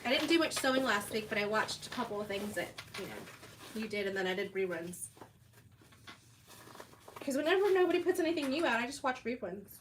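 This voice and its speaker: Woman chatting w viewers while she sews, kinda high voice, laughs a lot, far off mic w noisy background. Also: lively intonation, fairly quick, long pauses. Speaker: sewing livestream host. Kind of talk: casual live chat while sewing. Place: sewing workspace away from home. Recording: distant mic with audible background noise.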